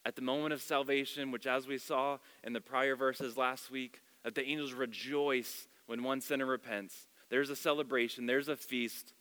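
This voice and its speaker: A male pastor preaching a sermon in an expressive storytelling manner, moving between loud and soft passages, in a church sanctuary. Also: medium pitch, normal speed, few pauses, clear, resonant tone. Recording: long hall reverb.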